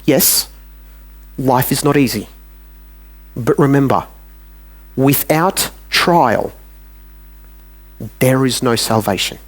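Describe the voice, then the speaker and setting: A man's voice: mid-range voice, slow pace, long pauses. A man with an Australian accent preaching a sermon in a church, talking plainly and acting out little dialogues with God.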